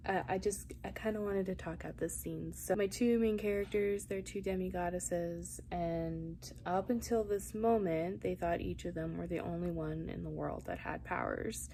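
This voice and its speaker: A woman's voice: on the low side, steady tone, normal speed, vocal fry, few pauses, mellow, a little hiss or hum. A young woman chatting to camera about her writing, thinking aloud and rambling, sometimes dropping to a whisper. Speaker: writing vlogger. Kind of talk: casual chat to camera.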